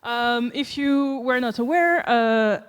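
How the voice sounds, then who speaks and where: A woman's voice: on the high side, takes it slowly, clean tone. A woman with a French accent giving a conference talk in a casual, joking way with many fillers. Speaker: conference speaker. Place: conference hall. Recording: long reverb of a conference hall.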